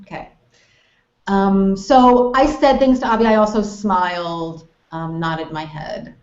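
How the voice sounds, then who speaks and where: An American woman teaching English conversation, explaining clearly and acting out example phrases with exaggerated tone. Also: medium pitch, takes it slowly. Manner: friendly, explanatory, models phrases with exaggerated intonation. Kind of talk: online English lesson hangout. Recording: roomy, dull web call audio.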